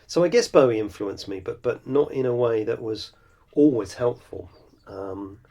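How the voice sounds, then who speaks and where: A middle-aged songwriter hosting his own podcast muses in a reflective solo monologue, rambling and self-deprecating, with many fillers and restarts. His voice is medium-pitched and warm, moving at a moderate pace.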